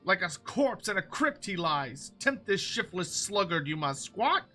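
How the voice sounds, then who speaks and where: A man's voice: high voice, very animated, normal speed, pushed and bright, soft background music, exaggerated voice. A man voicing a squawking bird-like creature who gives quests with inverted word order, reading game text aloud in character.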